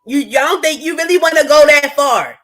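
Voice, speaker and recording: A woman, hosting a livestream and ranting bluntly and profanely to her chat, swinging between loud and low. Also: a little fast. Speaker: livestream host. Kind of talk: casual livestream rant.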